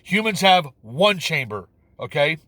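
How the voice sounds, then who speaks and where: With big pitch swings and a bright, forceful tone, this man talks a little slowly as he rants about a film on his channel, recorded without echo. He rambles, repeats points and stumbles, sounding incredulous, his pitch jumping when exasperation takes over.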